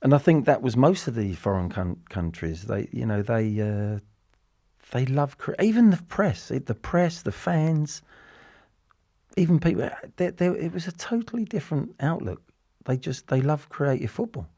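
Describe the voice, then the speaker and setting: English man, sixties, dark mellow voice, dry close sound, rambling interview chat. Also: medium pitch, very animated, normal speed, no echo. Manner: rambling, with frequent restarts and repeated words. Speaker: interview guest, former footballer. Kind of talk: casual reflective interview talk.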